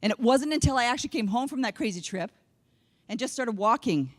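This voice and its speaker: A woman's voice: fairly high pitch, animated, brisk, in a large hall. Middle-aged lady doing a funny keynote, blunt, swears a bit, straight-talking stories to a crowd. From Canada. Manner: candid, blunt storytelling with casual swearing. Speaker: keynote speaker. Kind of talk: humorous motivational keynote. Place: conference room with a live audience.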